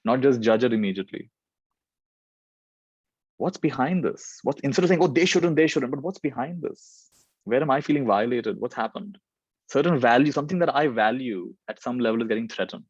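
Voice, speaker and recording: A man's voice: medium pitch, lively intonation, moderate pace, long pauses, a little mellow, breathy edge, no echo, dull audio. Brief: man, spiritual teacher, repeats phrases to drive them home, dry close sound. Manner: reflective, repeats phrases for emphasis. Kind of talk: spiritual Q&A talk.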